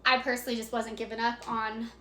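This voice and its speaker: A young woman telling a dramatic story in a casual, excitable way, swearing freely and acting out the moments. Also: a little high, fast talker. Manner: excitable, profane, dramatic retelling. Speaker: storyteller vlogger. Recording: echoey room.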